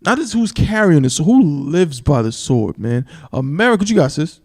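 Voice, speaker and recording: A man teaching from the Bible on a live stream, emphatic, repeating "you understand?" and slowing down to stress key words and scripture. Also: on the high side, sing-song, darkish tone. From New York. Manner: reads scripture in a slow, solemn cadence.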